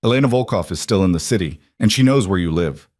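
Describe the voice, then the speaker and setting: A man's voice: low-pitched, lively intonation, quick pace, a little mellow, no room sound, studio quality. A man reading a commanding male mafia boss who gives clipped, urgent orders.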